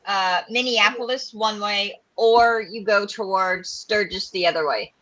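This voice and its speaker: A woman's voice: mid-range voice, unhurried, fairly bright tone, muffled recording. A woman from South Dakota in a casual group chat, explaining things in a matter-of-fact way.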